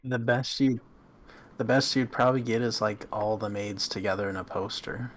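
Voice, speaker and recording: A man co-hosting a casual chat, answering in a calm, matter-of-fact way. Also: on the low side, normal speed, slight background noise. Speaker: co-host.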